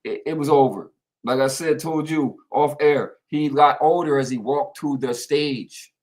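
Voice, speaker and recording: A man co-hosting a casual sports talk show, animated and rambling, repeating himself as he tells stories. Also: on the high side, measured pace. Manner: animated storyteller, repeats himself, lots of fillers.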